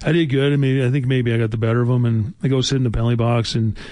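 Chatting casually on a talk show, a man in his forties who once played hockey tells wandering, filler-packed anecdotes. The mid-range voice is mellow and steady, delivered rapid-fire, with no echo in the recording.

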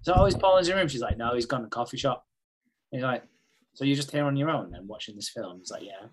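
A man in a relaxed podcast chat, swearing freely as he recaps a soap episode. His voice sits at a middling pitch, and he slips in quick impressions of the characters as he goes. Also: background noise. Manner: sweary storytelling, mimicking characters in quick asides. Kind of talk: casual chat.

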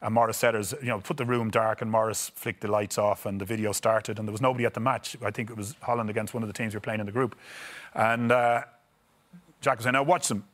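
A middle-aged Irish man, a former footballer and guest, telling animated anecdotes in a casual chat with frequent chuckles. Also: fairly low pitch, quick pace. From Ireland. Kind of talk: casual storytelling.

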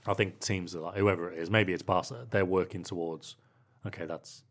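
A man talks quickly in a slightly low voice, telling football stories in a loose podcast chat. His delivery rambles, padded with "like" fillers. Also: fairly even intonation. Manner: rambling anecdotes with many "like" fillers. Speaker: football club correspondent.

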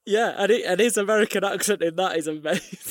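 A man chats on a film podcast in a slightly high voice, recorded close and dry with no room sound. He rattles on eagerly and breaks into laughter often. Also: dry recording. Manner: chatty, quick to laugh. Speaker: podcast co-host. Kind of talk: casual film podcast chat.

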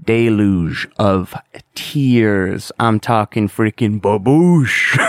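A man's voice: mid-range voice, lively intonation, unhurried, clean tone, dry recording, studio quality. A young man hosting a solo podcast, talking candidly and rambling, with casual swearing. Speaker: podcast host.

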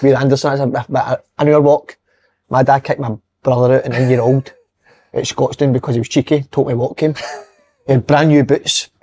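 Husky scottish guy chiming in, mid pitch. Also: flat delivery, a little fast, dark tone. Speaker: podcast host. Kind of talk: casual football chat.

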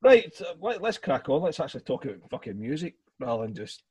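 A man hosts a casual music chat with a husky, slightly rough voice, halting and rambling through fillers as he goes. He sounds a bit tipsy, and the sound is dry and close, with no room around it. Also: a little high, very animated, darkish tone, dry recording. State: a bit tipsy after two beers. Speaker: podcast host.

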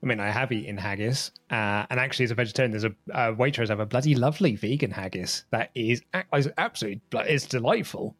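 A man's voice: mid-range voice, quick pace, hardly any pauses, fairly bright tone, dry recording, soft background music. A man co-hosting a casual retro gaming podcast, easygoing and self-deprecating, laughing often. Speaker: podcast co-host. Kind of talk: casual chat.

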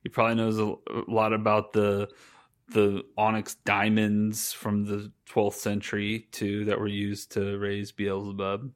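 A man with a lowish voice cracks dry, joking asides while chatting about a movie on a podcast. His tone stays casual and quick-witted. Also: completely flat delivery, clean tone. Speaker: podcast co-host. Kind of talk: casual chat with jokes.

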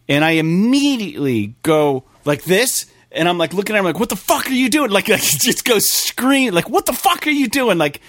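A young man hosting a gaming podcast, his voice sitting a bit high for a man. He talks casually and tells stories with lots of swearing and "like" fillers. The recording is close and dry. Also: dry recording. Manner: animated storytelling, heavy swearing and filler "like". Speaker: podcast host.

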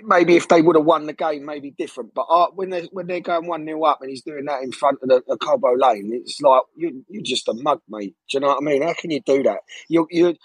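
A man calling into a fan show, his voice hoarse from shouting, talking in a heated, sweary way with stumbling repeats. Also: fairly high pitch, a little fast, hardly any pauses, no room sound, poor audio. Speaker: caller. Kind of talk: casual phone-in chat.

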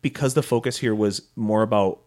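A man's voice: lowish voice, steady tone, fairly quick, darkish tone. A man co-hosting a casual podcast chat, agreeing often and cracking jokes. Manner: agreeable, jokey. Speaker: podcast co-host.

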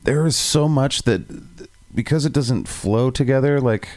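A man's voice: medium pitch, a little slow, a little mellow, no room sound. A man co-hosting a podcast and playing in a band, rambling and joking in casual chat. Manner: rambling, joking, self-deprecating. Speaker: podcast co-host, band musician.

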